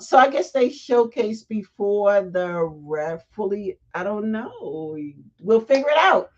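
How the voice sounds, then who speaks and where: A woman hosting a casual livestream, chatty and animated, breaking off into asides. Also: medium pitch, slow pace, few pauses. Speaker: fashion week organizer hosting a livestream. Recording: dull lo-fi livestream audio.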